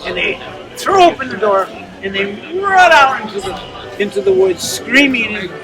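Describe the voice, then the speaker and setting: An animated male storyteller tells a folk tale, acting out each part in a high voice. He is heard from a distance. Loud music plays behind him. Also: normal speed. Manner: animated, acts out the parts. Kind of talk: folk tale told to an audience.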